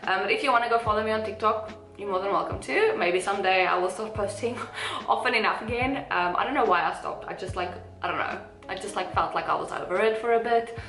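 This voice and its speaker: A woman's voice: mid-range voice, fast, fairly bright tone. A young South African woman chatting casually to camera as a vlogger, rambling with giggly asides. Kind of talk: casual chat. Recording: echoey room with faint music.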